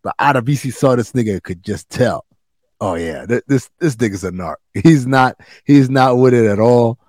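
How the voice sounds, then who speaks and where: A man talks through the latest episodes with his co-hosts, swearing freely and getting animated as he goes. His voice sits mid-range and sounds dry and close to the mic. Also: normal speed, no room sound. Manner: animated, swearing, jumps into high voices for quotes. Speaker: podcast co-host. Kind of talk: casual recap chat.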